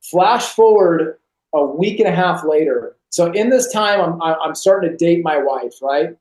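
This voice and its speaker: A man, a podcast guest on a video call, telling a personal story in an animated way and acting out the voices of others. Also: a little high, moderate pace. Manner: animated, acts out quoted voices. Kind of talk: storytelling testimony. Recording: roomy echo on a video call.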